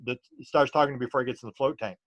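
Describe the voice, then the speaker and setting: A man's voice: mid-range voice, fairly even intonation, quick pace, a bit bright, dry recording, muffled recording. A middle-aged man, a UFO researcher talking as an interview guest and telling stories loosely with many restarts and fillers. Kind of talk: casual storytelling interview.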